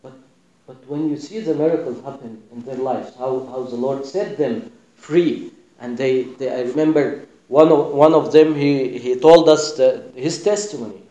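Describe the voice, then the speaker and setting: A man preaching a sermon with passion, dropping to a hush and then rising loud. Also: medium pitch, normal speed, roomy sound, highs cut off. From Sudan. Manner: impassioned, swinging between hushed and loud.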